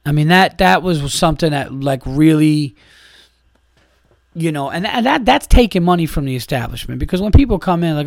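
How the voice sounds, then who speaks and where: A man's voice: a little high, animated, brisk, vocal fry, dry recording, studio quality. A man hosting a podcast, delivering an exasperated, profane monologue in a casual ranting way. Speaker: podcast host and comedian.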